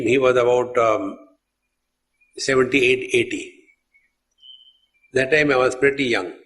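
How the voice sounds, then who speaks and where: Casting: male swami, calm storytelling sermon, mid-pitched voice, speaks directly to listeners as friends. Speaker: swami teaching spiritual discourse. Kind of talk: sermon on scripture.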